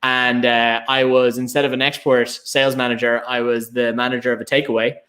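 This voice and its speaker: A man's voice: mid-range voice, level tone, brisk, a bit bright. Irish man telling rambling stories. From Ireland. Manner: rambling storyteller, many fillers and restarts, self-mocking laughs. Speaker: whiskey brand ambassador, panelist. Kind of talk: casual anecdotal chat.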